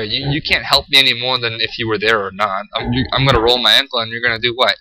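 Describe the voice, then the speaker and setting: A man's voice: medium pitch, fast, hardly any pauses, sharp tone, poor audio. Profane ranting teenage guy. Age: teens. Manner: profane, exasperated, repeats "like" and "freaking". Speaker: high school student vlogger. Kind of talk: ranting monologue to camera.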